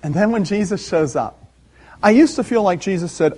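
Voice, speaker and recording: A man preaching a sermon, animated and laughing often, acting out the voices in the story. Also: high-pitched, normal speed, slightly rough. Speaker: pastor.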